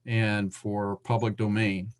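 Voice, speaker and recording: A man attending a session, speaking earnestly and hesitantly on a video call, with many pauses. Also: fairly low pitch, flat delivery, smooth. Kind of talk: casual chat.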